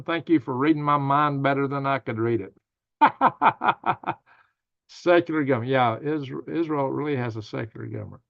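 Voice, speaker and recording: A man's voice: mid-range voice, gravelly, fairly bright tone, lo-fi sound. A man hosting a casual livestream, reading viewer comments aloud and answering them in a rambling, thinking-aloud way. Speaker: livestream news host.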